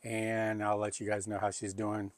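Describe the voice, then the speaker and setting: A man's voice: fairly low pitch, completely flat delivery, moderate pace, no echo. A man hosting a home cooking video, talking in a folksy, chatty, rambling way. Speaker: cooking channel host. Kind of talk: casual cooking video chat. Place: home kitchen.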